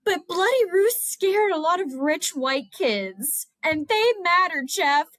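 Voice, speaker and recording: A woman's voice: extremely high pitch, big pitch swings, slow pace, fairly bright tone, dry recording. A woman co-hosting a podcast, recapping a TV episode with blunt, wry, profane comments. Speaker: podcast co-host. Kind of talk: casual recap chat.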